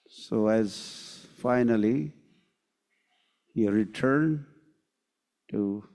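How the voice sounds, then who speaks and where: Slow-speaking male spiritual teacher. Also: on the low side, mellow. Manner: slow, unhurried storyteller who acts out quotes. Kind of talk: scripture lecture with storytelling. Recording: long hall reverb.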